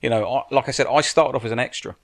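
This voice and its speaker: A man speaks rapid-fire in a medium-pitched voice. He is a stunt coordinator and military adviser guesting on a podcast, giving frank, casual advice with plenty of swearing and frequent restarted sentences.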